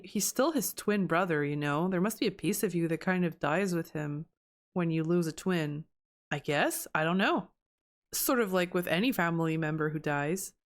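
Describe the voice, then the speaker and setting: A woman giving casual, chatty commentary over her own gameplay, reacting aloud as she goes. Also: fairly low pitch.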